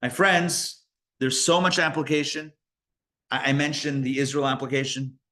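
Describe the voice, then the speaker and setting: A man, a rabbi, teaching a live Torah class in an animated, conversational way, full of rhetorical questions and asides. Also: medium pitch, normal speed.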